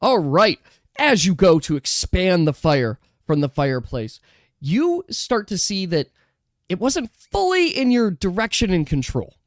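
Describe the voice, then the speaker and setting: Game master running a tabletop game, lively and laughing, dry close mic, no room echo. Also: mid-range voice. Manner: lively, laughing, quick asides to players.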